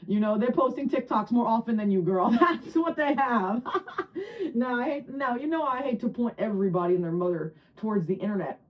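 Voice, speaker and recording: Excitable higher-voiced woman reading tarot. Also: a little fast, rough recording. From New Jersey. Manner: excitable and chatty, breaks into laughter and high squeals. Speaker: tarot reader. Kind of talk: casual tarot reading to camera.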